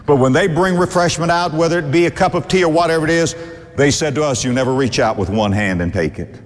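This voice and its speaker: A male preacher delivering a fervent sermon, his voice leaping from quiet, low asides to ringing high exclamations. He chuckles between points and calls his listeners dear friend. His words trail off into the long reverb of a large hall.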